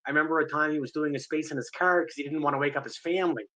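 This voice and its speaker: A man's voice: a little high, fairly even intonation, racing, bright, forceful tone, dry recording, poor audio. A man speaking in a casual live audio chat, enthusiastic and apologetic, often restarting and repeating words. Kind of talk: casual rambling community chat.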